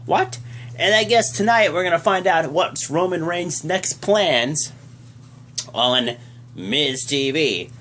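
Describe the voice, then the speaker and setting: A man's voice: a little high, fairly bright tone, slight background noise. A young man casually recapping a wrestling show, rambling and full of slang. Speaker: wrestling show reaction vlogger. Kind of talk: casual reaction commentary.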